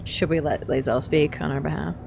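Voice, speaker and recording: A woman's voice: low voice, steady tone, fairly quick, vocal fry, noisy background. A woman streaming a game live, chatty and self-mocking, laughing often as she comments.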